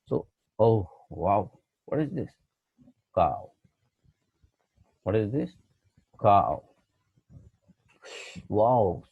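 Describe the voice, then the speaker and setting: Slow-speaking male teacher, tinny dry sound. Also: lowish voice, gravelly, dark tone, breathy edge, no room sound. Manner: slow, patient questions to pupils, mixing in Hindi phrases. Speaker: schoolteacher. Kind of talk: online class lesson for children. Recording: dry, tinny phone-like recording.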